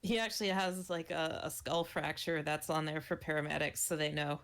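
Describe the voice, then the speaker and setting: A woman chatting casually on a stream, wry and quick to laugh. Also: low-pitched, steady tone, a bit bright. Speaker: streamer co-host. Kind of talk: casual chat. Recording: music playing behind.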